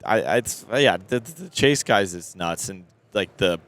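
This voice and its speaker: A man's voice: sits low, expressive, measured pace, a bit bright. A man who is an off-road racer, speaking earnestly as a guest in a casual podcast interview at a trade show and restarting his sentences often.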